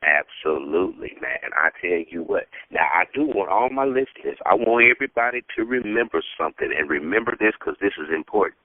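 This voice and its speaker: A man with a low voice hosts a radio talk show, pushing his points with hype and repeated words. The sound is tinny and narrow like a phone line, dry with no room around it. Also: lively intonation, brisk, few pauses, no room sound. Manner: emphatic, repeats words when stressing.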